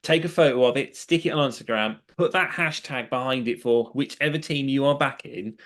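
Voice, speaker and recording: A man's voice: medium pitch, fairly quick, fairly bright tone. A man co-hosting a casual podcast, chatty and full of fillers and restarts. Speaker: co-host. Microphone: headphones, remote call.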